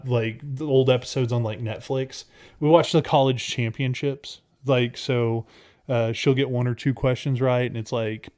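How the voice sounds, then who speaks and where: A man's voice: medium pitch, darkish tone. A man co-hosting a casual podcast, telling a story in a rambling way with lots of fillers and restarts. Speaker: podcast co-host.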